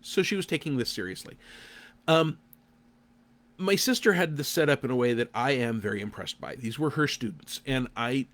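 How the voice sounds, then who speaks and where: 50s guy, dry and deadpan, lots of uh's, middle-pitched voice, just talking to the camera about a local event. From Oklahoma. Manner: dry, deliberate, self-deprecating, with frequent "uh" fillers. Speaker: game designer reviewing a local event. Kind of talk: casual spoken review to camera.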